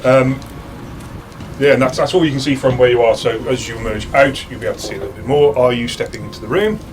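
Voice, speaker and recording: A British man narrating as dungeon master in a casual, halting way, with frequent restarts and fillers. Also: mid-range voice. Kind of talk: narrating a tabletop game.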